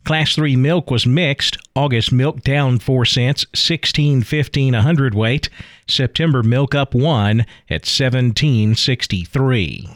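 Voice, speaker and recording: A man anchors a radio farm market report, reading figures in a brisk, even rhythm. His voice sits at a middle pitch and sounds close and dry. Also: dry recording. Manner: brisk, steady reading of prices.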